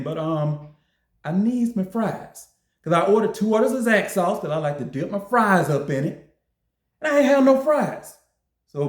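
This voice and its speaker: A man reviewing fast food in a casual vlog, joking, laughing often and acting out his own lines. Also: fairly high pitch. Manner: animated, joking, quick to laugh. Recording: roomy echo.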